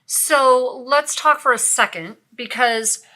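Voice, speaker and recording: A middle-aged woman co-hosting a podcast, telling stories in a lively, animated way. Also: high voice, slow. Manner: lively storyteller, animated when quoting. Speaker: podcast co-host, nurse. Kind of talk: casual podcast conversation.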